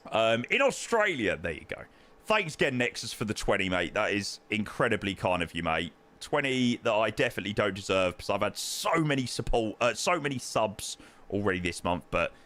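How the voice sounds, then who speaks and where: A man's voice: on the low side, fairly bright tone. A young man hosting a flight simulator live stream, effusively thanking viewers by name in casual chat.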